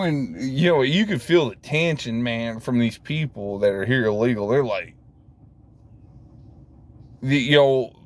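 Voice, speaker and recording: A man in a rambling, profane casual rant to camera, full of fillers and sudden high exclamations. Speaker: vlogger.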